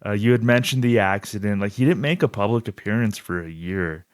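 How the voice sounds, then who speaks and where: A man's voice: on the low side, brisk, dry recording. A man hosting a podcast in casual chat, friendly, agreeing often and asking questions. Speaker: podcast host.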